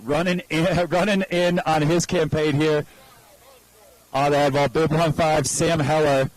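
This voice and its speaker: A man's voice: fairly high pitch, little pitch movement, unhurried, rough recording. A man co-commentating a live freeride ski event in a laid-back, casual way with lots of fillers.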